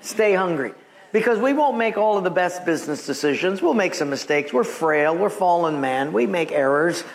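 A man's voice: sits high, expressive, moderate pace, hardly any pauses. A man in his seventies, a pastor preaching to his congregation with folksy stories, chuckling at his own punchlines. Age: 70s. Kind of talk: sermon with jokes. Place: church sanctuary with congregation. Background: congregation laughing.

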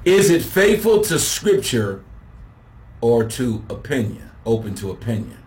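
A man preaching a sermon, slow and emphatic, building to shouted refrains as he contrasts points. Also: medium pitch, sing-song.

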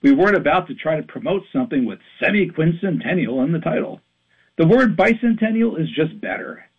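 A man in his fifties delivers a radio commentary in an animated, emphatic way. His voice sits a bit high and sounds husky. It comes through a thin, phone-like line. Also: brisk. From western Pennsylvania. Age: 50s.

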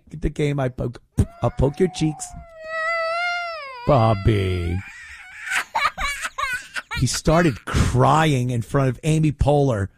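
A man's voice: medium pitch, a little mellow, no room sound, clean studio sound. A man hosting a podcast, mocking a clip with exasperated, sarcastic commentary and teasing baby talk. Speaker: podcast host reacting to a clip.

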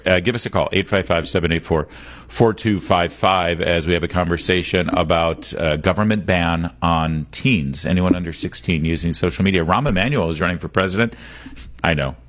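Deep-voiced opinionated talk radio host. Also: male voice. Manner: opinionated, emphatic, repeats the call-in number. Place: radio studio. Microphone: studio microphone.

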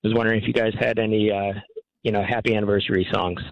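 A man calling in to a sports radio show, halting and full of fillers. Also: lowish voice, steady tone, gravelly, no echo, rough recording. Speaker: caller. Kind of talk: call-in radio chat.

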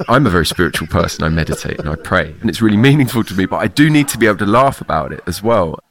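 Deep gravelly reflective man. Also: expressive, racing, fairly bright tone. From United Kingdom. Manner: reflective, laughs often. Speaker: theater clown, interview guest. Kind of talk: interview answers.

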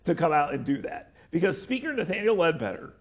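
A man hosting a political talk show, chatting casually, animated and joking, with frequent restarts. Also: on the high side, fairly quick, breathy edge.

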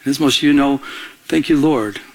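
A man's voice: mid-range voice, brisk, a little mellow. A man preaching a sermon as a pastor, telling personal stories and acting out the voices of the people in them. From Michigan. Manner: storytelling, acts out quoted voices.

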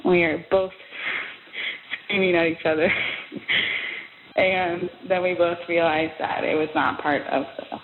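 A woman calling in to tell a personal anecdote, halting and amused. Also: lowish voice, fairly even intonation. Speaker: caller. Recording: tinny phone line.

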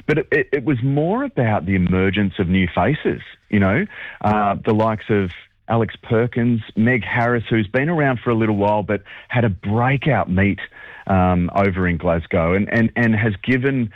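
Calling into a sports radio show as a guest, this sports broadcaster chats excitedly in a bubbly, rambling manner, with frequent laughter and lots of fillers. His lowish voice moves at a moderate pace over a dry, tinny phone line with no room sound.

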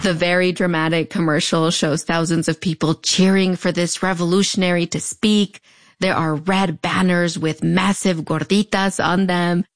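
A podcast narrator with a fronterizo accent from the US-Mexico border delivers wry, conversational scripted narration with playful, sassy asides. Her voice is lowish with little pitch movement, at a moderate pace, no echo, and faint music behind.

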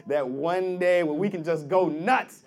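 A man performing stand-up comedy, loud and punchy, acting out bits. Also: a little high, measured pace. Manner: loud, punchy, acts out characters. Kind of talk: stand-up routine.

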